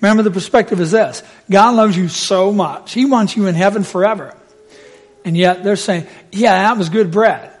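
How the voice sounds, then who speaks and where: A man preaching a sermon, telling the story with lively, acted-out voices. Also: high voice, normal speed.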